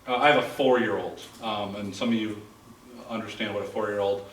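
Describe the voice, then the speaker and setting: A man's voice: fairly low pitch, fairly even intonation, fairly quick. A man in his thirties preaching a sermon as pastor, earnest and repeating words as he builds his points. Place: church sanctuary. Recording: echoey church hall from far off.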